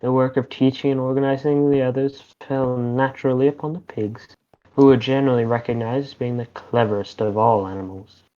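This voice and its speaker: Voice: mid-range voice, fairly even intonation, a little fast, warm tone. A game player reading a book aloud and narrating in a playful, mock-grand way over voice chat. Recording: lo-fi voice chat audio.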